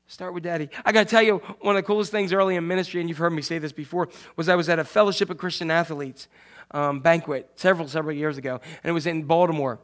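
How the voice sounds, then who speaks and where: A man preaching a sermon as pastor, swinging from loud, acted-out quotes to soft, hushed asides. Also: fairly high pitch, steady tone, fast talker.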